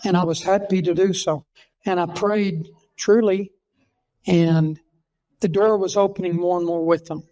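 An older man with a Texan accent tells stories in an earnest sermon style, and his voice sits fairly high. He is folksy and acts out the dialogue as he tells it. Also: steady tone, measured pace, warm tone, poor audio. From Texas. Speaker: pastor.

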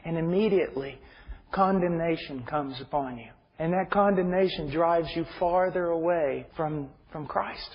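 A man preaching an impassioned sermon, dropping to hushed near-whispers and rising to loud fervent pleas. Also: a little high, normal speed. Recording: dull muffled sound with hall reverb.

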